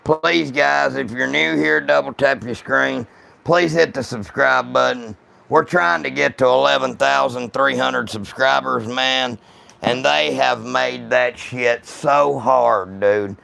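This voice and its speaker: Gravelly, slow-talking livestream host. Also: male voice, mid-range voice, steady tone, bright, forceful tone. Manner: rough, profane, blunt banter with viewers. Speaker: gun channel livestream host. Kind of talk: casual livestream chat.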